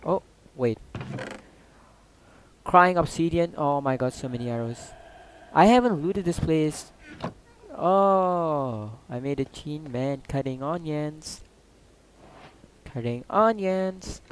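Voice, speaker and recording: Excitable man narrating his gameplay. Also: a little high, slow pace, pauses often, slight background noise, low-quality recording. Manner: excitable, loud outbursts, swears and jokes. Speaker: gaming YouTuber. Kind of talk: casual gameplay commentary.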